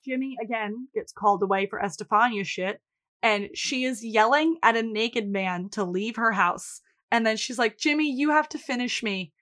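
A woman co-hosting a podcast, recapping a TV episode in casual chat and telling the plot briskly. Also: fairly high pitch, fairly bright tone. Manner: brisk storytelling, quotes characters in put-on voices. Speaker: podcast co-host.

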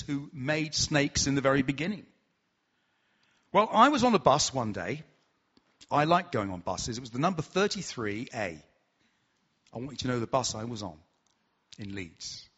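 A man's voice: medium pitch, husky, lo-fi sound. A man preaching a sermon, telling stories and asking the congregation questions as he goes. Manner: storytelling, animated, asks the audience questions. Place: church.

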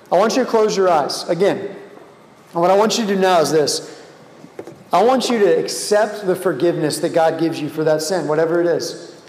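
Young guy youth pastor, pretty high voice, chatty sermon, big echoey room. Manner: casual, animated storytelling with sudden pitch jumps. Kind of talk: youth sermon with guided prayer. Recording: echoey hall with long reverb.

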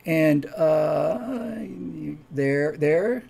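A man's voice: on the high side, animated, normal speed, gravelly, dark tone. A man who writes his own story project, chatting casually and enthusiastically to viewers with many restarts.

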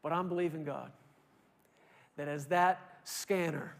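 High-voiced emphatic preaching man. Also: fairly even intonation, a little slow, creaky. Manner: emphatic preaching that swings from loud to hushed. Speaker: pastor. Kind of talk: sermon.

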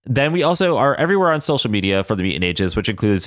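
A man co-hosting a podcast in a loose, joking chat that sometimes bursts into loud yells. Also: fairly low pitch, very animated, fast talker, no echo, clean studio sound. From Boston area. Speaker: podcast co-host. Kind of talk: casual chat.

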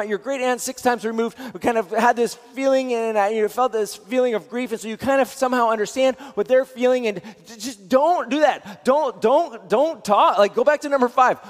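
A man teaching as a pastor on a livestream, energetic and repeating his points for emphasis. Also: very high-pitched. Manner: energetic, repeats phrases, affirming. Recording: long hall reverb.

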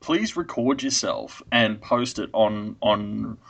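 A man's voice: lowish voice, slow pace, creaky, a bit bright. A man co-hosting a casual podcast, talking enthusiastically with frequent exclamations. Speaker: podcast co-host.

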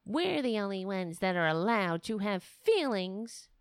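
A woman's voice: mid-range voice, sing-song, measured pace, clear, resonant tone, no echo, clean studio sound. A middle-aged woman hosting a casual livestream, rambling and self-mocking as she chats to viewers and her cat. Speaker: livestream host.

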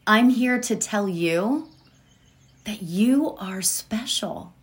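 Woman, very slow, gentle, drawn-out phrasing, inspirational talk, faint room noise. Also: a little high. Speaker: spiritual speaker leading a meditation.

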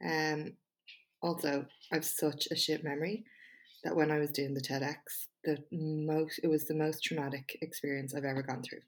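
A woman's voice: deep voice, flat delivery, moderate pace. A woman hosting her own podcast, chatting frankly and with self-deprecating humour before reading a speech of hers aloud in an emphatic style. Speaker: podcast host and small business owner.

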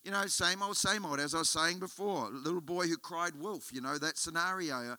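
A man's voice: on the high side, normal speed, pushed and bright, no echo. An Australian man preaching as a guest pastor, telling a story and building to emphatic, rising appeals. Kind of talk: sermon. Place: church auditorium.

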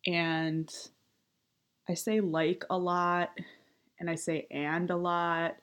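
Low, slow woman with vocal fry. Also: level tone, fairly bright tone. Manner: upward inflection, many fillers. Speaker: writer and activist. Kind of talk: casual monologue.

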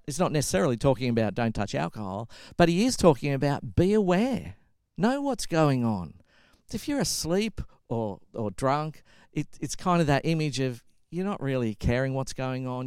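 Man, middle-aged, pastor's sermon, conversational, smooth voice, dry sound. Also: medium pitch, no room sound. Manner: conversational, animated storytelling with acted-out quotes.

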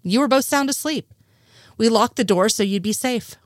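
A woman reading the lines of a nervous, innocent man, a little higher than her narration. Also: lively intonation, moderate pace, dry recording, clean studio sound, lightly acted. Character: nervous, well-meaning male conspiracy nerd.

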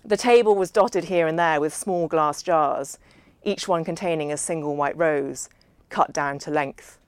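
A woman reads a first-person novel in a measured, understated way. Her voice sits on the low side, and the recording is dry and close. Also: clean tone, no room sound. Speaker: audiobook narrator.

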